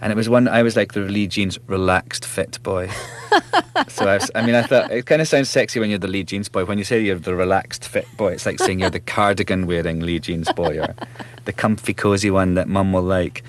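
A man in his thirties with a Scottish accent, an actor chatting as an interview guest, self-mocking and quick to laugh. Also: sits low, fairly even intonation. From Scotland. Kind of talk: relaxed interview chat.

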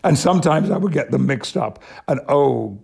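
An older man tells reflective stories as an interview guest. His voice is heavily gravelly and husky. He speaks at an easy, measured pace. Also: medium pitch, lively intonation, a little mellow. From Yorkshire, England. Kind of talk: reflective storytelling.

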